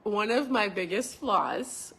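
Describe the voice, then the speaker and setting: A woman's voice: mid-range voice, slow pace, gravelly, a little hiss or hum. A middle-aged woman hosting a motivational podcast, talking casually to her viewers and acting out her own past conversations. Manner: animated, acts out her own past dialogue. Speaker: podcast host.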